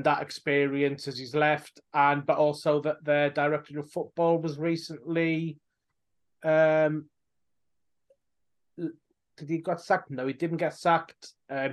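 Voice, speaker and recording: A man co-hosting a casual football podcast, giving a halting news roundup with many pauses and fillers. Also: a little high. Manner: hesitant, lots of ums, reading news as he goes.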